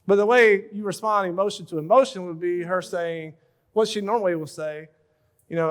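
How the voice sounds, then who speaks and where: A man in his thirties giving a relaxed, joking talk at a church marriage conference, full of everyday stories. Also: high-pitched, normal speed. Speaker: pastor leading a marriage session.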